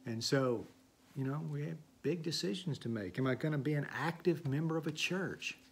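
A man's voice: a little high, normal speed, a little hiss or hum. A man preaching a sermon in a folksy, conversational way, with asides and stories. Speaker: pastor.

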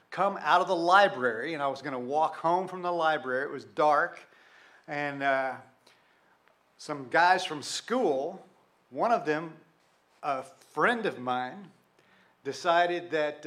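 A man's voice: on the high side, a bit bright. A man, preaching a sermon and telling a story from his youth in a conversational way, full of rhetorical questions. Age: 60s. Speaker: pastor.

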